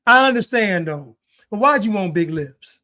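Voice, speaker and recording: A man streaming casual reaction commentary on video clips, animated and repetitive, jumping up in pitch for emphasis. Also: moderate pace.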